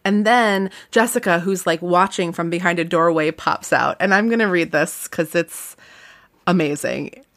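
A woman co-hosting a podcast, casually discussing a novel and reading passages aloud in a wry, animated way. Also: lowish voice. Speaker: podcast co-host.

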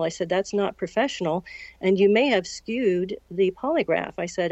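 A woman in her sixties from the United States, recounting a personal story as an interview guest in a measured way and acting out the dialogue. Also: lowish voice, a little mellow, no room sound. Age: 60s. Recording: dull, lo-fi recording.

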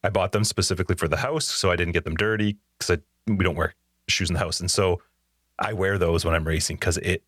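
A man's voice: sits low, fairly quick, a bit bright, husky, no room sound, clean studio sound. A man co-hosting a casual gaming podcast, rambling and often restarting his sentences. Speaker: podcast co-host.

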